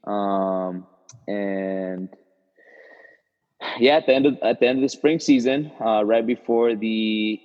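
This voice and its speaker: A young man with a fairly low voice tells a personal story in a relaxed interview, wandering through fillers and restarts as he talks. The audio sounds roomy with a long reverb tail and a slightly dull, muffled top end. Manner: loose, halting storytelling with many fillers and restarts. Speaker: guest, former college soccer player.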